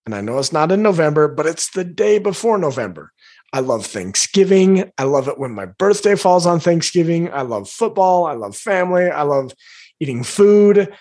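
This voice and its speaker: A husky, slightly breathy male voice sitting a little above the usual range for a man. He is a life coach in his forties teaching viewers in an earnest, emphatic style, and he keeps coming back to his key phrases. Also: on the high side, very animated, normal speed, darkish tone. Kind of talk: motivational teaching talk to viewers.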